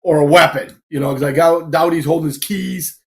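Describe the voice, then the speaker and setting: A man's voice: on the high side, steady tone, fairly quick, gravelly. A man, a former bouncer, guesting on a show and telling stories in a casual, rambling way full of fillers and swearing. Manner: profane, rambling, filler-heavy. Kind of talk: casual storytelling.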